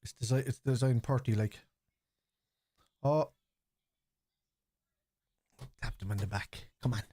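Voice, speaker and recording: A middle-aged man streams a football watchalong, chatting away, reading out chat messages and getting excitable at match moments. He speaks at normal speed in a medium pitch with no echo.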